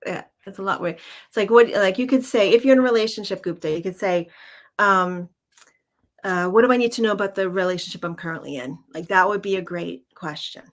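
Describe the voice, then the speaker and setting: A woman co-hosting a casual livestream as a card reader, speaking in a halting way with frequent ums and restarts. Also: medium pitch.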